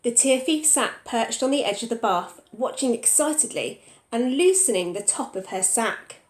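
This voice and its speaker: A woman teacher reading a picture book aloud to young children, pausing to ask them questions. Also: a little high, lively intonation, roomy sound.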